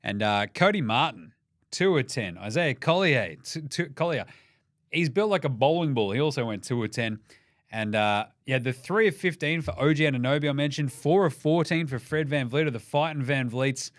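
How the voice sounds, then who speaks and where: A man's voice: mid-range voice, animated, moderate pace, no room sound, clean studio sound. A young Australian man hosting a casual basketball podcast, irreverent and sweary, joking through the day's results. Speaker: NBA podcast host. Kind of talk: casual sports commentary.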